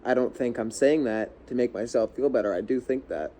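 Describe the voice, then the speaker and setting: A man's voice: mid-range voice, brisk, warm tone, a little hiss or hum. A young man ranting casually to camera as a vlogger, heated and rambling, swearing often and restarting his sentences.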